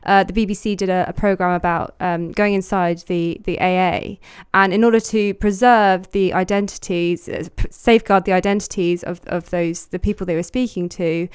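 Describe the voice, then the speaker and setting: A woman who is a broadcast journalist, chatting on a media podcast with warm, hesitant fillers. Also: lowish voice, fairly even intonation, normal speed, smooth. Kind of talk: casual media discussion.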